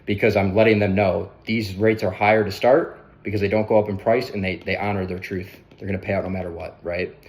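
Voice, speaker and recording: A man coaching others through a sales pitch in a brisk, conversational way, often tagging on "right?". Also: little pitch movement, darkish tone. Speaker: sales trainer.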